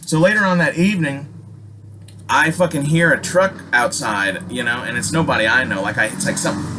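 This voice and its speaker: A middle-aged man from Alaska telling a story casually, swearing constantly and jumping loudly when he acts out what people said. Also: medium pitch, normal speed, noisy background. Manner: animated, swears constantly, acts out quotes with loud jumps.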